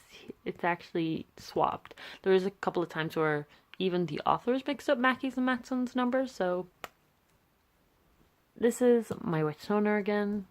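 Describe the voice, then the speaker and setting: A young British woman talking casually through her sketchbook, chatty and self-deprecating, rambling between pages on a phone camera. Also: fairly low pitch. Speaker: vlogger.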